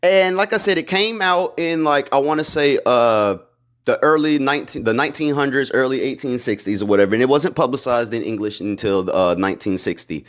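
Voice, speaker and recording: A man giving a casual, excited recap of a TV episode, rambling with lots of fillers and slang. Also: medium pitch, a little fast. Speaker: video creator recapping a TV episode. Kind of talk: casual theory recap vlog.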